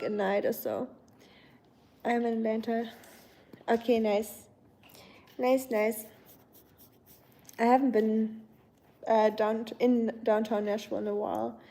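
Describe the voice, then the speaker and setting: A woman's voice: on the high side, mellow. A young woman casually chatting with viewers on a home live stream, rambling with fillers and correcting herself as she talks. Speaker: livestream host.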